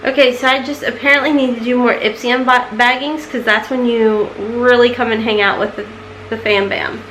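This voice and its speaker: Distractible woman in her thirties, casual beauty-vlog chatter, a touch high-pitched. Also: fairly even intonation, moderate pace, fairly bright tone, slight background noise, poor audio. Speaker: beauty vlogger. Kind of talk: casual unboxing chat.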